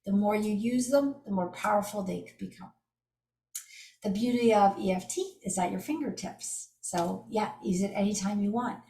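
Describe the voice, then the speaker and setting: A woman's voice: medium pitch, moderate pace, far from the mic. A middle-aged woman teaching an energy healing method in an enthusiastic, casual storytelling way. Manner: enthusiastic, storytelling with lively asides. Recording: echoey room, from off the mic.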